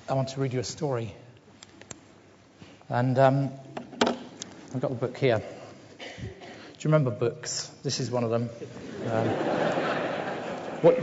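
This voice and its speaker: A middle-aged man giving a conference keynote in a hesitant, self-deprecating way with many pauses. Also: mid-range voice, noisy background. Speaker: keynote speaker. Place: large conference hall. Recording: dull sound with long hall reverb.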